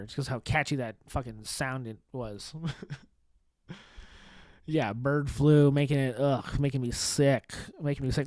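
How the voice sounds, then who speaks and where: A man with a slightly high voice riffs alone on his podcast, sarcastic and deadpan, tripping over restarts and swearing freely. The mic sits close and the sound is dry, with no room around him. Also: no echo. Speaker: podcast host. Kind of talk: sarcastic solo comedy podcast monologue.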